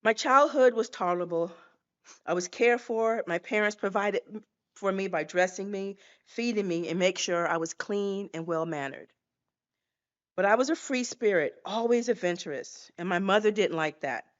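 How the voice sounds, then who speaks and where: A woman's voice: mid-range voice, normal speed, muffled recording. A woman in her sixties giving a dramatic personal testimony as a guest speaker, acting out scenes as she tells them. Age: 60s.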